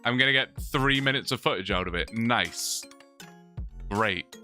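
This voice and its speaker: A man's voice: mid-range voice, measured pace, bright, forceful tone, faint music behind. A young man chatting casually on a long livestream, rambling, reading chat and laughing often, his mouth sore from talking.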